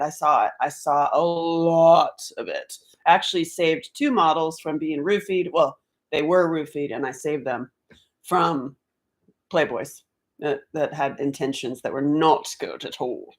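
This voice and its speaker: A middle-aged woman from North Carolina chatting on a live stream at home, rambling and quick to laugh. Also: sits low. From Asheville, North Carolina, US. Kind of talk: casual live-stream chat. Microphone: laptop computer mic.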